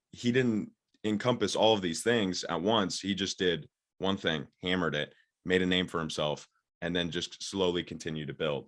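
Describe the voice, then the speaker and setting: A young man, a social media expert, eagerly explains his ideas in a casual interview over a call, talking fast and using many fillers. His voice is deep with a fairly bright tone.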